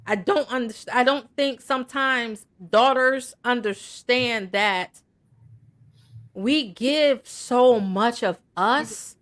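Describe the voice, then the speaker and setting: A woman's voice: on the high side, slow pace, fairly bright tone. A woman hosting a casual talk conversation, earnest and encouraging, often checking in with "right?". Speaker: host.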